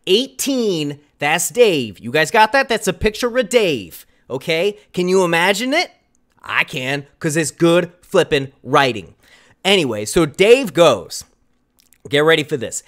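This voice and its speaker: A man's voice: high-pitched, sing-song, normal speed, fairly bright tone. A man streaming himself prank-calling and leaving voicemails, reading a script with theatrical, mock-dramatic flair and sudden exaggerated outbursts. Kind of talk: comedic voicemail rant.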